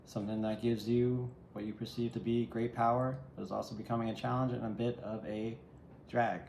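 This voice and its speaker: A man's voice: mid-range voice, flat delivery, brisk, gravelly, darkish tone. A man giving a solo tarot reading, musing and reflective, speaking straight to the viewer. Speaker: tarot reader. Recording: echoey room with faint ambient noise.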